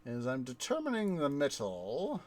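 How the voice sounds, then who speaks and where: A man's voice: medium pitch, wildly swooping pitch, moderate pace, darkish tone. A man streaming a city-building game, chatting casually and telling a rambling story full of fillers and restarts. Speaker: gaming streamer. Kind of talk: casual let's-play chat and storytelling.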